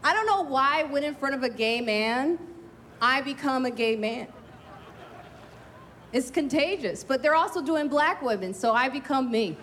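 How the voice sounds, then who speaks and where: A woman's voice: high-pitched, expressive, a little slow, a bit bright, a little hiss or hum. A middle-aged woman doing a brash, confiding, self-mocking stand-up set at an outdoor drive-in show. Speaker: stand-up comedian. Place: outdoor drive-in stage, parking lot.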